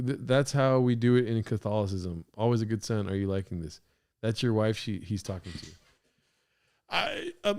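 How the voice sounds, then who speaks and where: A man hosting a podcast, reacting to a clip with crude, excitable, rambling commentary. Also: mid-range voice. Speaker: podcast host.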